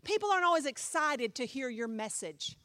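High-voiced woman pastor preaching. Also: very animated, fairly quick, dry recording. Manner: emphatic, rhetorical questions, swings from loud to hushed. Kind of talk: sermon.

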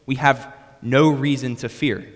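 A man's voice: medium pitch, fairly even intonation, measured pace. A young man preaching a sermon that is built around a personal story, with a storytelling manner and frequent restarts on his words. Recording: long reverb of a hall.

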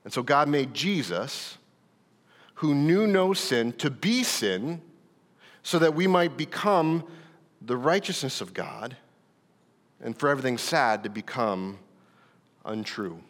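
A man's voice: medium pitch, animated, takes it slowly, long pauses. A man preaching a sermon as pastor, earnest, stumbling over repeated words and building to emphatic lines. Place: church hall. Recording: reverberant church hall.

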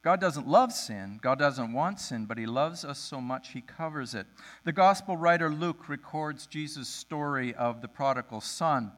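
A male pastor giving a sermon, telling a story with lively storytelling and acting out the voices of the people in it. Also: a little high, measured pace.

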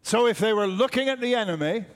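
A man's voice: high-pitched, animated, fast. An older man preaching a sermon, emphatic and repeating his key phrases. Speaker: pastor.

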